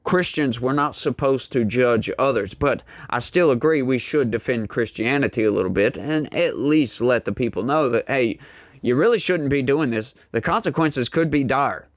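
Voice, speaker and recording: A man's voice: mid-range voice, normal speed, no room sound. A man sharing his take on a panel in a loose, easygoing ramble. His voice sits dry and close with no room sound. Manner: casual, rambling, relaxed. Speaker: panel guest. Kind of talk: casual debate remark.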